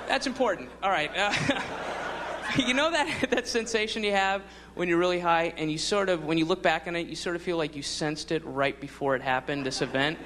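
A man doing stand-up comedy on stage, telling a rambling story that builds into excited yelling. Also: high voice. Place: comedy stage before an audience. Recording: live show with loud crowd noise.

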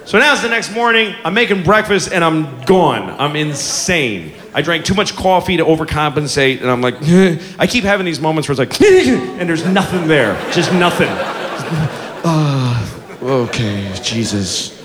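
Animated, profane stand-up man in his forties. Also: on the high side, a little fast, few pauses, in a large hall. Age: 40s. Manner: profane, self-mocking, animated. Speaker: stand-up comedian. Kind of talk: stand-up storytelling. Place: comedy club stage with audience. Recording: live club room with crowd and noise.

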